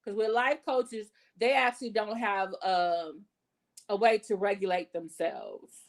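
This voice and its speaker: With a mid-range voice and an unhurried pace, the gossip commentary host stays casual, blunt and foul-mouthed. She talks with her hands in her words and chats along with fillers and self-corrections.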